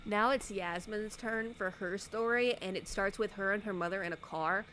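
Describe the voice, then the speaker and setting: A woman YouTuber giving a sarcastic, animated casual recap of a movie, acting out the characters' lines. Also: mid-range voice, normal speed, a little hiss or hum.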